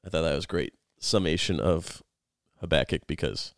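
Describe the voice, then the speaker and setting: A man's voice: rumbling low, normal speed, vocal fry, no room sound, clean studio sound. A man co-hosting a podcast, talking earnestly and reflectively through a Bible passage in casual chat. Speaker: podcast co-host.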